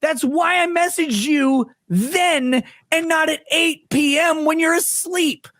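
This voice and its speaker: A man in a heated argument on a livestream, swearing a lot and firing off rhetorical questions in a fast, angry rush. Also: very high voice, a bit bright, no room sound.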